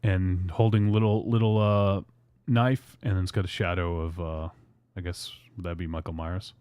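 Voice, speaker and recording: A man's voice: deep voice, flat delivery, normal speed, warm tone, smooth, no room sound. A man hosting a casual podcast, reading fan tweets aloud in a loose, rambling way. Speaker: podcast host.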